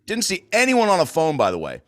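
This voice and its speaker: A man's voice: a little high, huge pitch swings, fast, fairly bright tone, no echo, clean studio sound. An American man hosting a podcast, chatting casually in a rambling, loose way with plenty of swearing. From United States. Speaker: podcast host. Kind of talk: casual chat.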